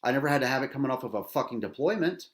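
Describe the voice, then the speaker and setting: A man's voice: medium pitch, expressive, rapid-fire. A middle-aged man, a veteran host, angry and agitated, delivering a bitter, profane rant full of repetition and rhetorical "right?" tags.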